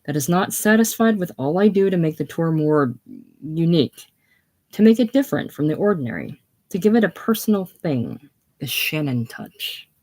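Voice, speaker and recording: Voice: medium pitch, animated, darkish tone, lightly acted. A reader doing a fraying defrocked minister. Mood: indignant. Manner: protesting, strained, halting. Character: defrocked male minister tour guide, near hysteria.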